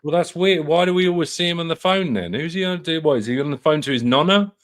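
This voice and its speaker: A man's voice: a little high, lively intonation, fast. A man hosting a casual football chat, rambling and hesitant, often laughing along. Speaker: host.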